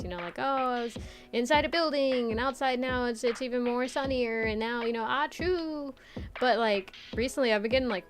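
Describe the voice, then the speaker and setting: A young woman streamer chatting casually with viewers, rambling with lots of filler words, swearing and laughing often. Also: mid-range voice. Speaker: VTuber streamer. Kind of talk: casual chat reading viewer comments.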